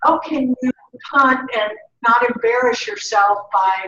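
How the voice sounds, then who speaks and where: A woman's voice: sits high, sing-song, unhurried, a bit bright, reverberant, recorded from a distance, dull audio, slight background noise. A woman in the audience asking the presenter a question. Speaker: audience member.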